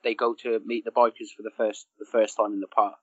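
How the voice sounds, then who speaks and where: A man's voice: lowish voice, level tone, fast, no room sound. Male podcast co-host, giggly recapper, dull lo-fi audio. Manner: laughs while retelling scenes. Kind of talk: casual film chat.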